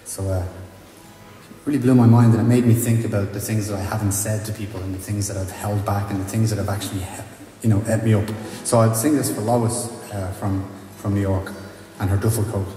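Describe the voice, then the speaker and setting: A man with an Irish accent telling a rambling story from a concert stage, halting and full of restarts. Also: on the low side, fairly even intonation, mellow, soft background music. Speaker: singer telling a story between songs. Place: large stone church, live concert. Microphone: stage vocal mic. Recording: echoey church hall, faint ambience.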